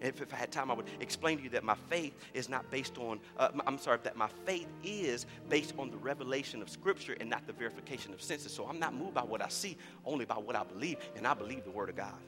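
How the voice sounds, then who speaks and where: A middle-aged man pastor preaching a sermon, swinging from easy conversational storytelling to shouted preaching. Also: mid-range voice, expressive, quick pace, hardly any pauses, big-room sound, over music. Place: church sanctuary.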